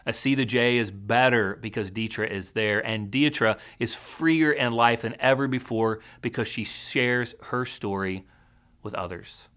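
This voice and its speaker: Serving as a teaching pastor, a man preaches in a church with an earnest, measured storytelling style. His voice is mid-range and somewhat bright.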